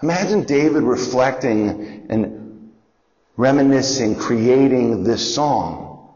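A man's voice: medium pitch, animated, slow pace, a little mellow. A man teaching a Bible lesson in a conversational, explanatory way, sometimes asking listeners to repeat after him and acting out quotes. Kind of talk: Bible lesson, call and response. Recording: dull audio with long hall reverb.

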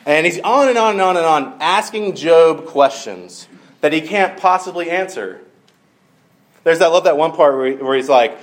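A man's voice: a little high, big pitch swings, normal speed. A man giving a casual sermon, retelling a scripture story in a wry, conversational way with asides and fillers. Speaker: preacher.

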